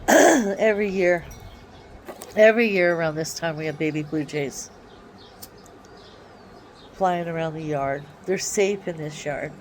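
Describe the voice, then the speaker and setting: A woman vlogging casually from her backyard on her phone, talking in an excitable, drawling way with sudden swings of emphasis. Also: deep voice, slight background noise. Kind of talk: rambling casual monologue. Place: backyard by a wooded area, outdoors.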